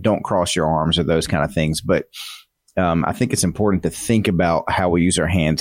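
A man's voice: low-pitched, darkish tone, no room sound, studio quality. A man who works in student ministry, talking earnestly and thoughtfully on a podcast. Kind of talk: casual podcast conversation.

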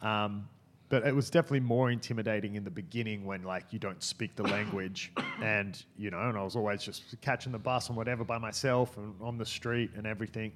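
A man's voice: lowish voice, steady tone, a little fast, a little hiss or hum. A man telling a story in casual podcast chat, rambling with many fillers and restarts.

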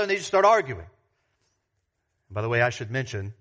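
A man's voice: mid-range voice, sing-song, moderate pace, fairly bright tone. A man pastor preaching a sermon in a church, earnest and full of rhetorical questions.

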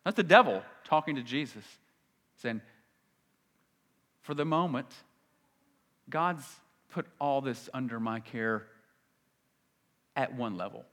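Male pastor, sermon delivery, bright forceful tone, swings from loud to hushed, long hall reverb. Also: mid-range voice, slow, pauses often. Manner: conversational, shifting between loud emphasis and quiet asides.

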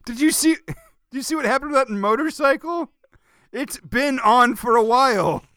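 A man's voice: extremely high pitch, lively intonation, normal speed, sharp tone, clean tone, dry recording, clean studio sound. A man co-hosting a casual movie-review chat, sarcastic, swearing freely and laughing often. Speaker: podcast co-host.

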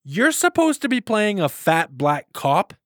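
Young male director, stammers when excited, lively pitch, dry close sound. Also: unhurried, no echo. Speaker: amateur film director. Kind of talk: casual banter.

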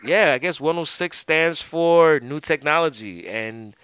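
Casual male podcast host; bright, smooth, dry close-mic sound, easygoing and profane. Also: a little high, expressive, measured pace, dry recording, low-quality recording. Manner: laid-back, swears freely, lots of "like" and "dude". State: drinking while talking. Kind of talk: casual chat.

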